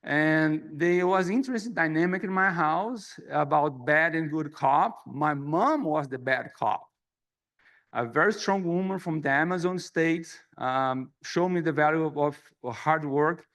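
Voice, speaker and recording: Brazilian man with a gravelly voice. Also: fairly high pitch, measured pace, a bit bright. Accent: Brazilian Portuguese. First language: Portuguese. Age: middle-aged. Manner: earnest, storytelling, self-deprecating. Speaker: society president giving an address. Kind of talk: personal conference speech. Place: conference hall.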